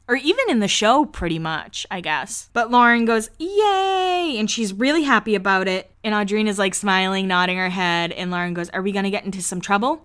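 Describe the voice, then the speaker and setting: Chatty young woman with a smooth voice. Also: fairly bright tone. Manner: chatty, gossipy, laughs often, drops into low asides. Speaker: podcast host recapping a reality show. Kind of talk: casual chat.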